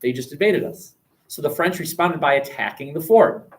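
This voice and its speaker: A man teaching a history class, lively and questioning, recorded from across a classroom. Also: on the high side, moderate pace. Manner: animated, asks the class questions, jokes. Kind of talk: classroom lecture. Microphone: webcam across the room. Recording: distant webcam sound.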